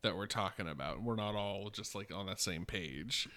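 A man's voice: low voice, moderate pace, sharp tone. A man in his late twenties, a podcast co-host chatting casually, rambling with lots of fillers and swearing. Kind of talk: casual chat.

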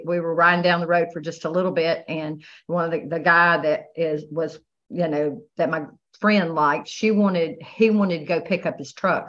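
Soft-spoken woman, halting testimony, lo-fi. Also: lowish voice. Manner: halting, many restarts and "you know". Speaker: guest sharing her testimony. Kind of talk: emotional personal testimony.

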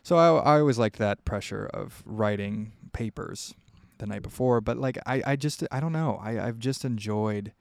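Gravelly young man, candid podcast ramble. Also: fairly low pitch, moderate pace, no room sound. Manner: candid, rambling, with frequent fillers. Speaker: podcast host answering listener questions. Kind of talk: casual solo podcast.

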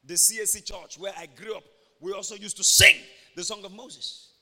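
High bright Nigerian preacher. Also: male voice, moderate pace, gravelly, in a large hall. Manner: animated preaching, shifts between soft talk and shouts. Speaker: pastor. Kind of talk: sermon. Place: church.

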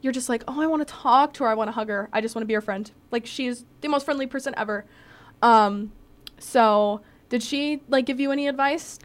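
A woman's voice: fairly high pitch, a little fast. Bubbly, chatty young woman host. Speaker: podcast host. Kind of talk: casual chat.

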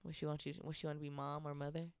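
A woman's voice: sits low, flat delivery, racing, vocal fry, smooth. A woman co-hosting a casual podcast chat, teasing her co-host and laughing often.

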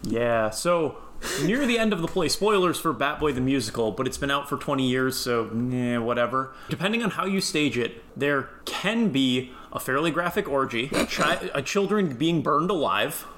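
A man's voice: medium pitch, animated, moderate pace, fairly bright tone, a little hiss or hum. A young man chatting as a guest, telling stories in a self-deprecating way. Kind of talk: casual chat.

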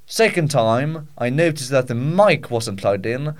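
A man's voice: mid-range voice, measured pace, hardly any pauses. A man hosting a storybook show, chatting casually and self-deprecatingly with many fillers and restarts. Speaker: host and story reader. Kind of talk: casual behind-the-scenes chat.

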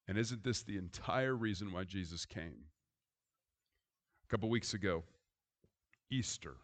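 A man's voice: low voice, lively intonation, measured pace, pauses often. Man preaching a dramatic sermon. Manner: shifts from hushed reflection to rising, emphatic storytelling. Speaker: pastor.

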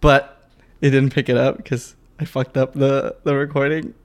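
A man's voice: mid-range voice, flat delivery, moderate pace. Casual young man hosting a podcast. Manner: casual, swears freely, rambling restarts. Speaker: podcast host. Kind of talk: casual chat.

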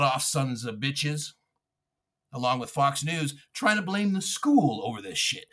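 A man's voice: a little high, big pitch swings, measured pace, sharp tone. A man hosting a podcast, delivering a furious, profane political rant with mocking asides. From United States. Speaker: podcast host.

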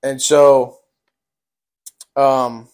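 A man's voice: mid-range voice, level tone, drawn-out words, a little mellow. A young man telling a casual storytime on a podcast, rambling with lots of fillers.

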